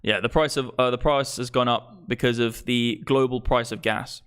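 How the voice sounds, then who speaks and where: A man's voice: medium pitch, steady tone, moderate pace, a bit bright, clear, resonant tone. A man of about thirty, ranting exasperatedly and profanely on a live stream about money and prices. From England. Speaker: crypto streamer.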